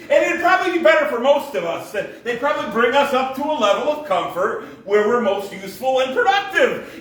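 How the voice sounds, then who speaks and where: High-voiced sarcastic man doing stand-up. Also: sharp tone. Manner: sarcastic, mock-conspiratorial rants with frequent laughs. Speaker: comedian. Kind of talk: stand-up comedy set. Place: coffee shop open mic. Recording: echoey room, mic at a distance.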